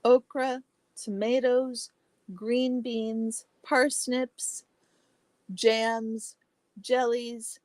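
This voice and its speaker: A woman hosting a casual livestream chat, reading viewer comments aloud and answering each by name, chatty and exclamatory with soft asides. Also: a little high, little pitch movement, very slow, dry recording. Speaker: livestream host.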